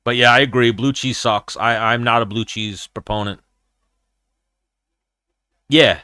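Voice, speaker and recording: Bright-voiced man telling fight stories. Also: medium pitch, unhurried, smooth, no room sound, clean studio sound. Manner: animated, profane storytelling. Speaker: live-stream host and former fighter. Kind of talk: casual live-stream fight chat.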